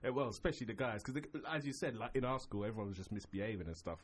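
A man, co-hosting a casual chat show and throwing in quick quips. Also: lowish voice, animated, breathy edge. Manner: quick quips, laughs a lot. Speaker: podcast co-host.

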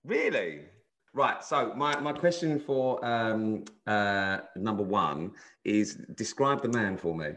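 A man's voice: fairly low pitch, expressive, takes it slowly, a bit bright, roomy sound. A man hosting a podcast, teasing and quizzing his co-host in casual chat.

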